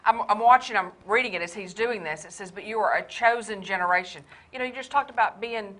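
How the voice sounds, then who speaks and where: A woman's voice: medium pitch, fast talker, fairly bright tone, low-quality recording. A woman co-hosting a Christian marriage show, chatting casually and affirming her partner with everyday anecdotes. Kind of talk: casual chat.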